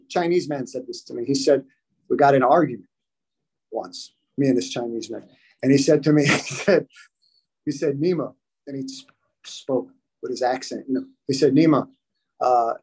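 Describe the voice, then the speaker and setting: A young man talks through an interview answer in a husky, slightly raised voice. He circles back, repeats phrases and starts sentences over, giving his answer in a loose and rambling way. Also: on the high side, rough recording. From United States. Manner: rambling, repeats himself, many restarts.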